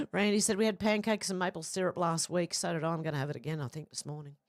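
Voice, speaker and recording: A woman's voice: on the low side, animated, a little fast, dry recording, studio quality. An Australian woman hosting a livestream, casually reading viewer comments aloud and chatting bluntly. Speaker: livestream host reading chat. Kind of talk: casual live chat.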